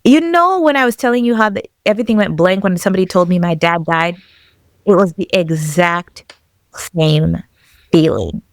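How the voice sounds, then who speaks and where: A woman's voice: on the low side, moderate pace, dry recording, clean studio sound. A woman guest telling a personal story with emotion, acting out the dialogue as she goes. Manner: animated, acts out dialogue in quotes. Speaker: podcast guest.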